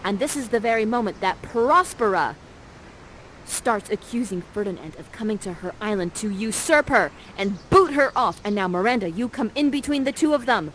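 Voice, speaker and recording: Speaking at normal speed into a headset mic, a woman with a medium-pitched, fairly bright voice and lively intonation gives playful stage direction in an interactive play. She's upbeat and teasing with the players. The low-quality recording carries a little hiss or hum.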